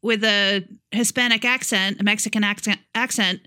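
A woman's voice: medium pitch, fairly even intonation, normal speed, pushed and bright, clean tone, no room sound, clean studio sound. A woman co-hosting a podcast in casual chat, pushing back with teasing short retorts. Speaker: podcast co-host.

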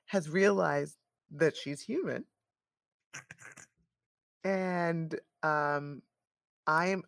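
Woman, 30s, mom co-host. Gravelly, dry-miked, animated storyteller who laughs often. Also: lowish voice, no room sound. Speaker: podcast co-host. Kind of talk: casual chat.

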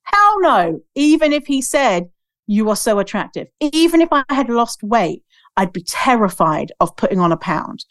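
A woman's voice: on the high side, very animated, normal speed, no room sound, clean studio sound. A woman guest on a podcast, talking candidly and emphatically, swearing freely. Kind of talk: candid conversational podcast talk.

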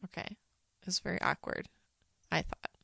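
Sarcastic, animated woman podcaster. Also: moderate pace, no echo, studio quality. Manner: animated, sarcastic, quotes people in mock voices. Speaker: podcast co-host. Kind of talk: casual podcast chat.

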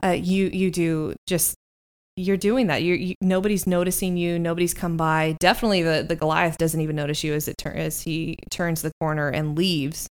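A woman narrating as game master of a tabletop game, descriptive and unhurried, with halting restarts. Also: low-pitched, little pitch movement, clean tone.

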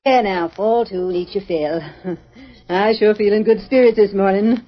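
A woman's voice: mid-range voice, moderate pace, close to an everyday voice. An actress playing a kindly, trusting frontier mother in an old radio drama, with folksy, homespun speech. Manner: folksy drawl, homespun sayings. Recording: dull old radio recording.

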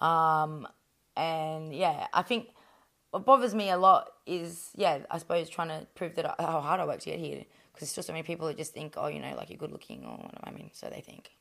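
A woman's voice: low-pitched, a little fast, gravelly, fairly bright tone. An Australian woman, a professional boxer, talking bluntly and rambling, with constant swearing, in an interview. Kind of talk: candid interview chat.

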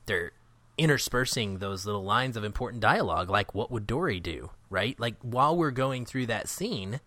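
A man's voice: medium pitch, no echo. A man co-hosting a film podcast, chatting casually and animatedly, laughing often and mimicking characters' lines. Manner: animated, laughing, doing quick impressions of characters. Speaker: podcast co-host.

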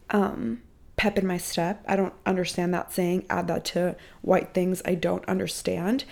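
Young woman podcast host, slight fry in her voice, expressive and profane, casual motivational monologue recorded at home. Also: mid-range voice. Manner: expressive, profane, animated emphasis. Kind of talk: casual motivational pep talk. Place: apartment room at home.

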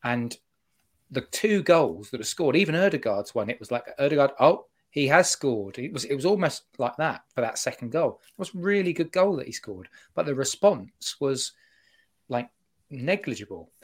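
A man giving his opinion in a casual football podcast chat, rambling and animated. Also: medium pitch, normal speed, breathy edge. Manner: animated, rambling fan talk.

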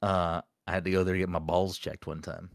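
A man's voice: low-pitched, level tone, a little fast, gravelly, dry recording, studio quality. A man co-hosting a casual podcast chat, blunt and emphatic, swearing freely. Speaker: podcast co-host.

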